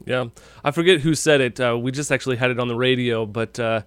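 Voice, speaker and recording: A man hosting a radio interview in an easy conversational way, filling gaps with frequent pauses and fillers. His voice is mid-pitched and recorded dry and close. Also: a bit bright, clear, resonant tone, dry recording. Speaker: radio host.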